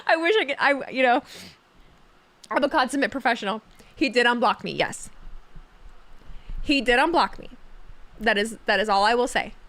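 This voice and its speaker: A woman's voice: sits high, a bit bright. A young woman chatting casually on a live stream, sarcastic and talkative, reading chat messages aloud.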